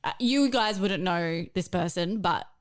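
A woman's voice: on the low side, unhurried. An Australian woman co-hosting a podcast in casual chat, laughing often. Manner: chatty, laughs often, drops to a whisper at times. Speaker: podcast co-host.

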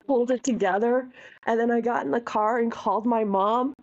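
Higher-voiced woman telling heartfelt stories. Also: normal speed, vocal fry, highs cut off. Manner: animated storyteller, heartfelt. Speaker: podcast co-host. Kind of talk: casual chat.

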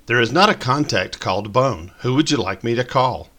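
A man reading a story, voicing a confused phone voice assistant in a flat, polite way. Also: medium pitch, moderate pace, pitched above the performer's own voice.

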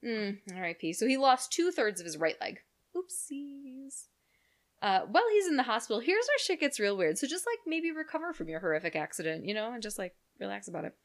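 A woman's voice: fairly high pitch, very animated, brisk. A woman co-hosting a podcast, telling a true crime story in casual, profane, joking chat. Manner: chatty, profane, jokey storyteller.

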